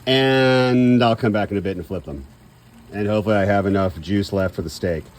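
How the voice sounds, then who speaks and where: A man's voice: lowish voice, fairly quick. A man in a casual cooking vlog, chatty and self-deprecating, thinking aloud as he grills outdoors. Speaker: home cook.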